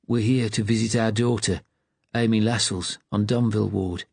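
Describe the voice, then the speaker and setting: A man voicing an elderly man with a Black Country accent, speaking quietly and plainly. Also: on the low side, fairly even intonation, moderate pace, gravelly, slightly rough, no room sound. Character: elderly man visiting his daughter, plain-spoken.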